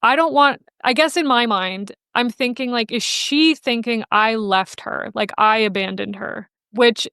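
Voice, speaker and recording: A woman's voice: on the high side, unhurried, hardly any pauses, a bit bright, clear, resonant tone, no echo, studio quality. A woman guest in a casual podcast interview, telling a personal story in a chatty, emotional way and mimicking the voices of others. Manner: chatty and emotional, quotes people in playful voices. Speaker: podcast guest, animal welfare researcher.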